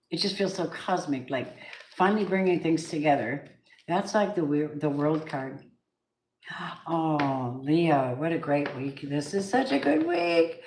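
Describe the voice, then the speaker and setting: Excitable lady doing a tarot reading, lowish voice, echoey room w faint hiss. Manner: chatty, excitable, gasps and laughs, breaks into song. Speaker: tarot reader. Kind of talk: casual tarot reading livestream.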